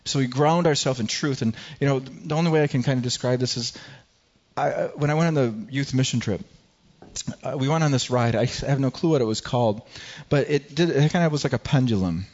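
Man, pastor, sermon, mid-pitched voice, stammered restarts, muffled lo-fi recording. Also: a little fast. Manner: animated, frequent stammered restarts. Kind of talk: sermon with personal story.

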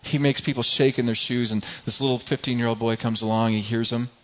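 A man's voice: medium pitch, fairly even intonation, fast, lo-fi sound. A middle-aged man preaching a sermon in a conversational way, often repeating words and acting out everyday people. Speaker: pastor.

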